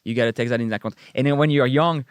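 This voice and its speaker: A man's voice: mid-range voice, very fast, clear, resonant tone, dry recording. A man, a guest chatting casually and rambling with many fillers. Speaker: guest chef. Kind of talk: casual chat.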